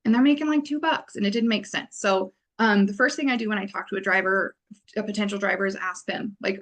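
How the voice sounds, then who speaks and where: A woman's voice: medium pitch, brisk, fairly bright tone. Wordy woman business owner, rambling. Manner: wordy, rambling, many fillers. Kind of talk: casual podcast interview.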